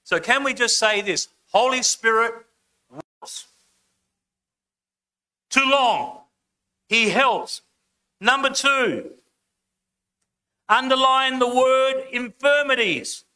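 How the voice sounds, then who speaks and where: A man preaching a sermon as a guest preacher, slow and emphatic, having the congregation repeat words after him. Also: very high voice, sharp tone. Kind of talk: sermon with congregation call-and-response. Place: church service, speaking over slides.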